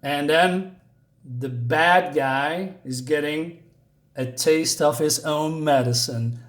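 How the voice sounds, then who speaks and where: A man who isn't a native English speaker reviews a comic in a high-leaning voice at a slow pace. His speech is casual, rambling and hesitant, packed with fillers and frequent chuckles.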